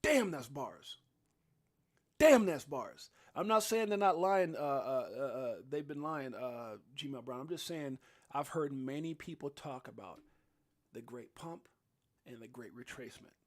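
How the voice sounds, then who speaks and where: A man's voice: medium pitch, normal speed. Rambling crypto livestream host, man. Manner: animated and rambling, with many restarts and fillers. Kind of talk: casual live-stream chat. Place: home studio in Las Vegas.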